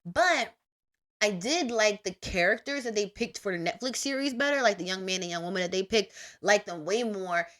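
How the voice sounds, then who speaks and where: A young adult woman hosting a podcast, giving a casual, emphatic monologue full of slang and big pitch swings. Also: animated, normal speed, fairly bright tone. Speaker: podcast host.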